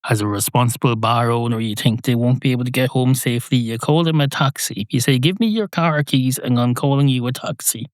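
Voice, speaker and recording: A man doing a calm, long-winded barman. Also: medium pitch, dry recording, clean studio sound, lightly acted. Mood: patient. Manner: measured, long-winded and reasonable. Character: unflappable, fussy male pub barman.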